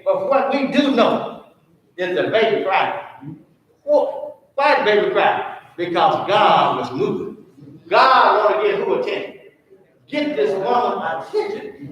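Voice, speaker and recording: Man, high voice, teaching a church Bible class; echoey room, distant mic. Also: fairly bright tone, a little hiss or hum. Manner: call-and-response questioning. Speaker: Sunday school teacher.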